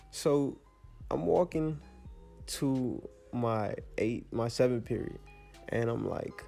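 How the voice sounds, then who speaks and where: A teenage young man casually telling a rambling storytime, full of slang and animated asides. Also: medium pitch, slow, gravelly, soft background music. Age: teens.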